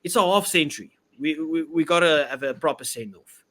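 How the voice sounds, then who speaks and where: A man's voice: a little high, a little fast, fairly bright tone. A man with a South African accent hosting a casual rugby podcast, upbeat as he signs off the show. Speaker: podcast host. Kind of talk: casual chat.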